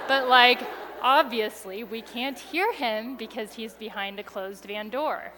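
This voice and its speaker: A woman telling a personal story to an audience with expressive delivery, going soft and quiet at the tense moments. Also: fairly high pitch, measured pace, few pauses, in a large hall, noisy background.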